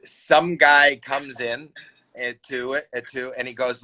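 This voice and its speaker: Bright-voiced male comedian from Canada; animated anecdote teller. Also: medium pitch, unhurried, poor audio. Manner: animated storyteller, shouts and voices people in anecdotes. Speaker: comedian guest. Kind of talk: casual storytelling chat. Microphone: video call.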